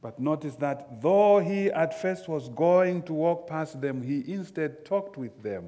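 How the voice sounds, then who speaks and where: A man delivers a sermon at an unhurried pace, leaning on repeated phrases for emphasis. His voice sits somewhat high for a man. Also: animated, mellow. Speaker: preacher.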